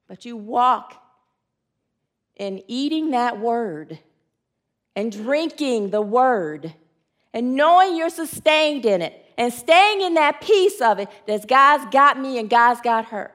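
A woman pastor preaching an earnest sermon, inviting call and response from the congregation and dropping low and quiet in sorrowful moments. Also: expressive, takes it slowly.

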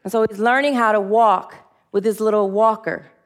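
A woman's voice: mid-range voice, fairly even intonation, normal speed. A woman minister giving a spiritual sermon, earnest and leading the group in spoken affirmations.

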